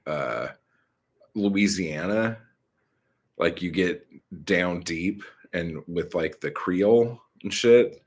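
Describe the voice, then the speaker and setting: A man's voice: low voice, slightly rough. A man hosting a live stream, rambling casually and profanely with many fillers.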